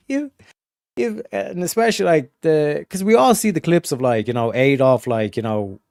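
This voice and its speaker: A man streaming a casual, rambling monologue, swearing constantly and full of fillers and restarts, going from emphatic to low muttered asides. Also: expressive, normal speed, vocal fry, a little mellow, no room sound, studio quality. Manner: profane, filler-heavy, restarts often. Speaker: streamer hosting a study session.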